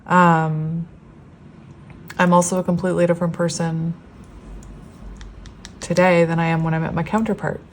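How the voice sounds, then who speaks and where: A woman's voice: on the low side, level tone, moderate pace, pauses often, a little hiss or hum. A woman in her thirties doing a casual tarot reading to camera, rambling and affectionate with frequent giggles, her voice teary as if on the verge of crying. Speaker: tarot reader.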